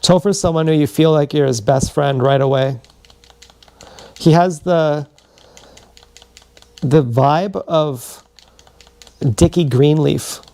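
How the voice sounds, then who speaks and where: A man livestreams a long, wandering personal story. His voice is mellow and low in brightness, with a steady gravelly fry. He swears freely and keeps backing up to restart his sentences. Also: takes it slowly, long pauses. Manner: meandering, profane, frequent restarts. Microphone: streaming from a body camera.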